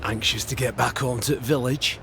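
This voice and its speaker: A bitter, gruff outcast trader who scoffs at a newcomer. His voice sits at a middle pitch over faint background noise. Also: fairly even intonation, brisk, a bit bright. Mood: scoffing. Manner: gruff, scoffing, laughs at others.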